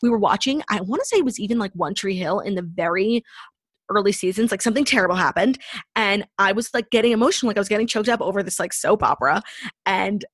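A woman's voice: mid-range voice, animated, fast talker, husky, no room sound. A woman co-hosting a podcast in casual chat, constantly saying "like" as she talks. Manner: chatty, fills speech with "like". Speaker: podcast co-host.

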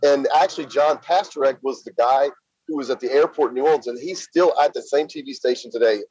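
A husky-voiced middle-aged man with a drawl talks through his story in a plain, halting way, leaning on fillers. The sound is dry and a little dull, like a lo-fi podcast line. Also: medium pitch, a little mellow, no room sound. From Louisiana. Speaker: interview guest. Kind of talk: casual spoken storytelling.

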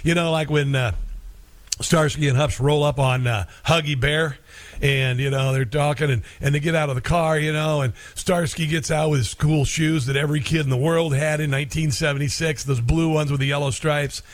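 A man's voice: fairly high pitch, fairly even intonation, normal speed, no echo. A middle-aged man hosting a talk radio show in a rambling, sarcastic, folksy monologue.

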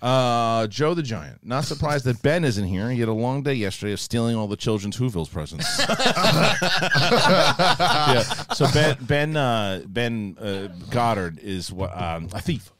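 A man's voice: mid-range voice, lively intonation, unhurried, background noise. A man in his thirties hosting a live comedy podcast, teasing and laughing often. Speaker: podcast host. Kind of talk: casual comedy chat.

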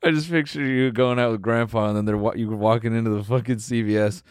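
A man co-hosting a podcast, laid-back and quick to laugh, swearing often in casual chat. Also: medium pitch, steady tone, a little mellow, clear, resonant tone, no room sound, studio quality. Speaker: podcast co-host.

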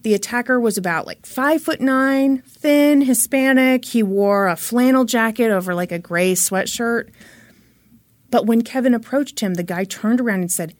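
A woman's voice: a little high, normal speed, no room sound. A woman hosting a podcast, telling a true-crime case in a chatty, dramatic way and swearing freely. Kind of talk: casual storytelling.

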